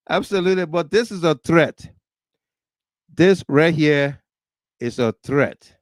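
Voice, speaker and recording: Animated Liberian male talk host. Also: fairly high pitch, slow pace, pauses often, no room sound. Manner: animated, laughs often, reads viewer comments aloud. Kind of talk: political commentary livestream.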